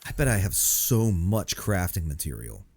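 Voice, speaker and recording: A man's voice: low-pitched, big pitch swings, normal speed, darkish tone, breathy edge. A young man giving casual, joking commentary while playing a video game at home. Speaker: gameplay commentator. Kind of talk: casual let's-play commentary.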